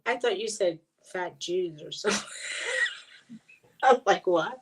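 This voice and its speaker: A middle-aged woman hosting a casual live-stream chat with a friend, talking in a chatty, animated way. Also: medium pitch, slow, a little hiss or hum, poor audio. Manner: chatty and animated, swears and laughs easily. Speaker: channel host.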